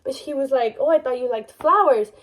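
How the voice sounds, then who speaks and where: A woman's voice: high-pitched, brisk, fairly bright tone, poor audio. A young woman vlogger chatting about a book she loves, gushing and rambling with lots of fillers and restarts. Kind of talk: casual book review chat.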